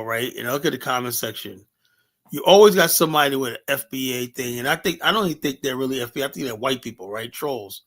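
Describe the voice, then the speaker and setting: A middle-aged American man running a livestream. He rambles in a casual way, full of fillers, restarts and swearing. His voice sits at a medium pitch for a man. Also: pushed and bright. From United States. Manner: loose, rambling, heavy filler words and profanity. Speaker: livestream host.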